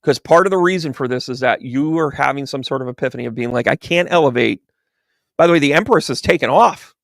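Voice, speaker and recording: A fast talker with vocal fry and a medium-pitched voice, this man works as a medium and chats on a livestream during a tarot reading. He animatedly acts out the voices in his stories, recorded in a clean studio with no echo.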